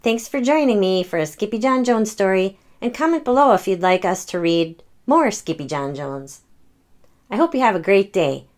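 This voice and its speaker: A woman in her thirties reading a children's picture book aloud, gently explaining words for young listeners. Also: mid-range voice, expressive, normal speed. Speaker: storytime reader and parent.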